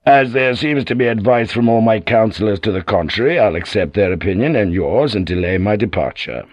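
A narrator dropping into a shrewd aging warlord, deep and unhurried, each word weighed with quiet authority. The sound is close and dry. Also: male voice, lively intonation, no echo, muffled recording. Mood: scheming. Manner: measured, authoritative, sly. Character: aging male warlord, cunning and commanding. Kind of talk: audiobook character voice.

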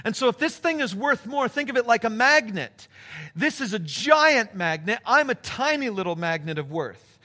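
Bright, high-voiced male preacher. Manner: storytelling, emphatic, shifting pace. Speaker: pastor. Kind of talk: sermon.

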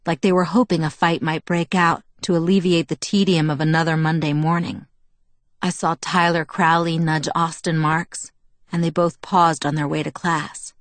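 A woman narrating a first-person novel in a steady, measured storytelling voice. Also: sits low, dry recording. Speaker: audiobook narrator.

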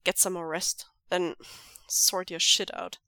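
A gruff, impatient young man snaps short, scolding lines down the phone, as a woman reader puts him on. His voice sits a touch lower and punchier than the narration around it, recorded close and dry with no room sound. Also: flat delivery, a little slow, sharp tone, no echo. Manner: clipped, brusque and scolding.

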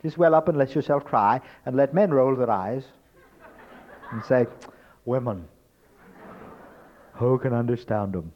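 A man giving a spoken lecture in an emphatic, rhetorical way, swinging between loud stresses and hushed asides. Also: medium pitch, unhurried, long pauses, slight background noise. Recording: dull lo-fi recording.

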